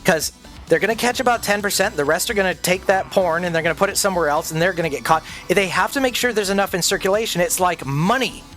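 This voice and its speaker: A man with a fairly high voice rants through a casual livestream chat, cursing freely and slipping into voices for the people he quotes. Faint music plays under his talk. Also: lively intonation, fast talker, a bit bright. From Canada. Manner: profane, ranting, acts out quoted people. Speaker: streamer. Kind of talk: casual rant while gaming.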